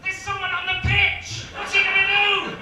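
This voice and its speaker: A man voicing an excitable male sports commentator, shouting high-pitched play-by-play in an echoey hall. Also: normal speed, distant mic. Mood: frantic.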